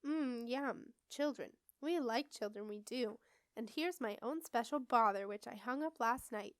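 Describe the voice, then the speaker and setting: A woman's voice: on the high side, a little slow, clear, resonant tone, dry recording, clean studio sound, natural voice. A woman voicing a dreamy, creepy sleepwalking witch in a strange sing-song voice.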